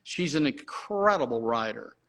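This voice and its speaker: Bright-voiced middle-aged man telling a story. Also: medium pitch, moderate pace, low-quality recording. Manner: excited, repetitive restarts. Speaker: horse breeder guest. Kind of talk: animated storytelling.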